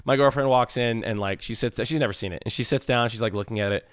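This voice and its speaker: Animated, swearing podcast co-host man. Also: medium pitch, fast talker, clear, resonant tone, no room sound, clean studio sound. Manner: animated, swearing, acts out quotes in a raised voice. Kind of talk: casual chat.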